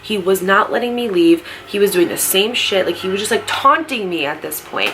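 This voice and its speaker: A woman's voice: mid-range voice, lively intonation, normal speed, noisy background. A young woman telling a personal story in a casual, emphatic way, saying "like" constantly. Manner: emphatic, heavy use of "like". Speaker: storyteller vlogger.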